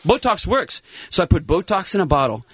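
A man in his fifties, a plastic surgeon guest on a talk show, chatting in an excitable, salesy and jokey way. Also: high-pitched, fairly quick, husky, dry recording. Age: 50s. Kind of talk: animated talk show chat.

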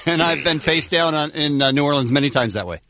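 A man's voice: on the high side, fast talker, bright, forceful tone, no room sound. A man co-hosting a morning radio show, cracking jokes at his guests. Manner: wisecracking.

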